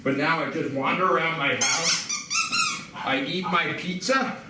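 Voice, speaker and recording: A man working as a dog trainer, calmly explaining and demonstrating while giving short commands to dogs indoors at a house. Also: on the high side, unhurried. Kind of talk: instructional demonstration. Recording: roomy, distant mic with background noise.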